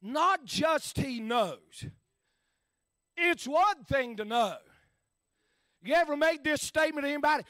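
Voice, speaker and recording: A man preaching a sermon in a rhythmic style, dotting his phrases with "uh" and swinging between shouted peaks and hushed asides. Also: very high voice, expressive, moderate pace, pauses often, no room sound.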